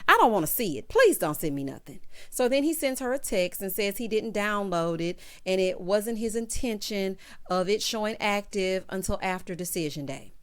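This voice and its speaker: A woman's voice: mid-range voice, animated, moderate pace. A woman recapping a reality TV episode in a sassy, exclamatory way, often calling people "child" and "honey". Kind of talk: casual episode recap and commentary.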